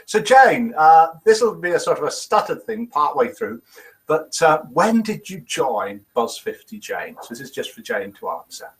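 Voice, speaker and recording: A man's voice: on the high side, big pitch swings, normal speed, rough recording. A middle-aged man from the United Kingdom hosting a casual live morning show, reading out viewers' guesses with playful, chuckling quiz-master banter. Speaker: host of a daily live show. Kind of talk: casual live-stream chat, reading out comments.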